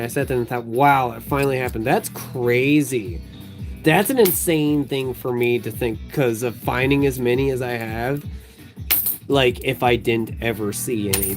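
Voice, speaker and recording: Man, mid-pitched, easygoing stream host who rambles and laughs a lot; background music up clearly, coins clinking. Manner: rambling, laughs often, lots of fillers. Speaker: livestream host sorting coins. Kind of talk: casual chat. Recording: music playing behind.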